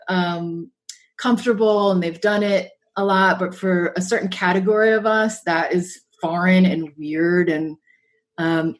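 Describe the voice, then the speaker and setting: A woman guest author talking thoughtfully in a podcast conversation, often pausing to find her words. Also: fairly low pitch. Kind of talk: reflective conversation.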